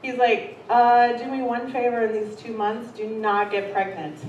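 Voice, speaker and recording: A woman's voice: on the high side, steady tone, moderate pace, distant mic, dull audio. Profane woman doing stand-up from afar. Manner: profane, self-deprecating, laughing through stories. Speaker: stand-up comedian. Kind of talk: stand-up comedy set. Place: comedy theater stage. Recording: roomy hall, heard from afar, noisy.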